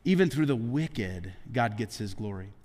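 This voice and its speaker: A middle-aged man preaching a sermon as pastor, who often drops into a low hushed voice. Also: expressive, normal speed. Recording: long hall reverb.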